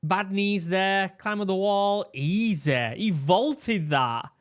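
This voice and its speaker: A man gives excited, casual commentary on a training course video, full of exclamations and restarts. His voice sits slightly high for a man. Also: slow. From England. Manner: animated, exclaiming, with repeated restarts. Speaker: reaction video host, former Royal Marine.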